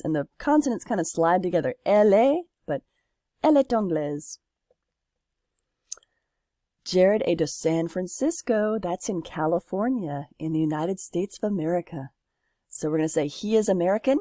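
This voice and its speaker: A woman's voice: lowish voice, lively intonation, moderate pace, mellow, no echo, clean studio sound. Patient woman teaching a French lesson. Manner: patient, explains step by step with examples. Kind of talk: recorded classroom lesson.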